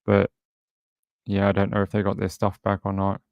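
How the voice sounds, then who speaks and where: A man's voice: on the low side, monotone, moderate pace, gravelly, darkish tone, no echo. A man hosting a true crime livestream, rambling casually and thinking aloud.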